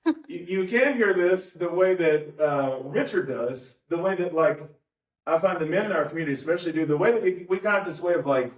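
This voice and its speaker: A man's voice: fairly high pitch, expressive, a little fast. A man preaching a conversational sermon, rambling with asides and self-corrections. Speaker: pastor. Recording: roomy, distant mic.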